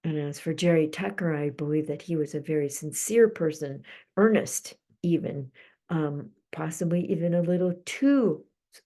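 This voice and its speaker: Hosting a live-streamed psychic channeling session, a middle-aged woman with a deep voice speaks slowly and soothingly, sometimes drifting into soft whispers.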